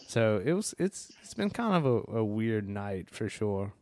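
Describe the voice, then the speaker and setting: A man chatting on a podcast, animated and profane, acting out what people said. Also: fairly low pitch, normal speed, gravelly, few pauses, no echo. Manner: animated, profane, acts out quotes. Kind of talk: casual chat.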